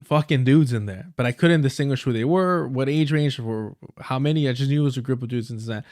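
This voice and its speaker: A man's voice: medium pitch, fairly quick, darkish tone, no echo, studio quality. Profane, blunt man ranting on stream. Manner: profane, emphatic and blunt, with frequent slang; storytelling with repeated phrases and self-corrections. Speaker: livestream host. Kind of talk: casual ranting commentary.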